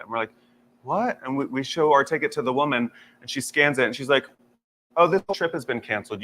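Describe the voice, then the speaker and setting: Animated male co-host telling a rant. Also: medium pitch, slight background noise. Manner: animated storytelling, acting out quotes. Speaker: radio co-host. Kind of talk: casual chat.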